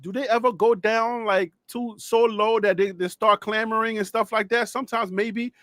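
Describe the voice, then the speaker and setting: A man with a strikingly high voice hosts a live sports reaction stream. He rambles, doubles back and corrects himself mid-thought. The sound is close and dry. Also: moderate pace, no room sound. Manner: rambling, self-correcting, animated asides. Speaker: sports talk host.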